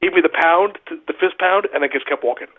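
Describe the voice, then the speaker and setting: A man's voice: fairly high pitch, fast talker, husky. A man casually telling wrestling stories, swearing freely and laughing at his own punchlines. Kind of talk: casual storytelling with profanity. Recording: tinny phone line.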